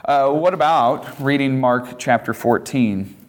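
A man preaching a sermon, retelling the gospel with animated asides and playful voices for the apostle. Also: measured pace. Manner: animated, voices Peter in a high excited tone with laughs.

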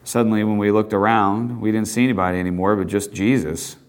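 Male preacher, lowish voice, conversational sermon delivery, animated storytelling. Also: fast talker. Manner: animated, voices Peter in a high excited tone with laughs.

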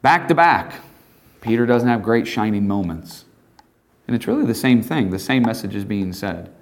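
A man with a fairly low voice preaching a sermon. He moves between quiet, reflective stretches and animated retellings of scripture. He breaks into playful voices for the people in the story. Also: normal speed, slight background noise. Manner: animated, voices Peter in a high excited tone with laughs.

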